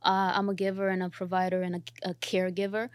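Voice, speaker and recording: Earnest, animated young actress. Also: female voice, medium pitch, quick pace, smooth, no echo. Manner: animated, earnest, quoting herself and others. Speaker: actor, interview guest. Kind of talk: casual interview.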